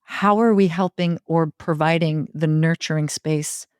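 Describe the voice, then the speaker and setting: A middle-aged woman telling stories in an interview, expressive and building long rhythmic lists. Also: deep voice, unhurried, clear, resonant tone, no echo, studio quality. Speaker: podcast guest, circle facilitator. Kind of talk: conversational interview.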